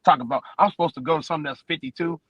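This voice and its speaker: A man's voice: fairly high pitch, rapid-fire, fairly bright tone, no echo. Boastful trash-talking man, lo-fi sound. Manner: boastful, mocking, repeats words. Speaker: podcast co-host. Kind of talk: brash trash-talking banter.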